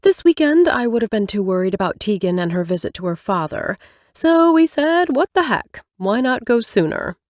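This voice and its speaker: A woman narrator voicing a quick-tempered, proud young woman in a brighter, higher tone. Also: very animated, no room sound, studio quality. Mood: cheerful. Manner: higher, brighter reading with snappy retorts.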